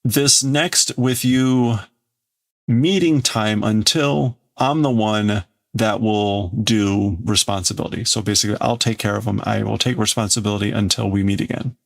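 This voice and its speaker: A man's voice: lowish voice, normal speed, creaky. A man hosting a stream, translating a comic aloud word by word, hesitant and full of fillers. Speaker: livestream host translating manga.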